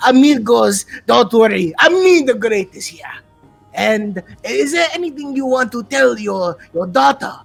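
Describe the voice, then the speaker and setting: A boastful, eccentric masked showman, as a tabletop player puts him on tells the tale of his own deeds in a slow, gravelly and husky voice. He swings from drawn-out bragging into sudden shouted outbursts at voices only he hears. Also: medium pitch, exaggerated voice. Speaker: player recapping the last session. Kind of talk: in-character session recap.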